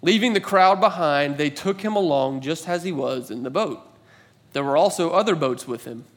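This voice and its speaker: Animated, conversational male pastor. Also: on the high side, normal speed. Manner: conversational, animated storytelling with filler words. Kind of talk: sermon with personal story.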